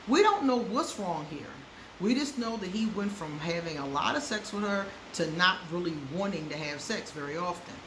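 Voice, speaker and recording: Woman, frank advice vlog, laughs a lot, roomy echo, faint background hiss. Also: lowish voice. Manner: frank, laughs often, repeats for emphasis. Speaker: astrology advice vlogger. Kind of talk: casual advice chat to camera.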